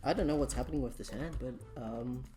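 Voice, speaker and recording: A woman with a notably deep, low voice chimes in with quick, playful jokes. She keeps the casual chat light as the co-host. Faint music sits underneath her. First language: Dutch.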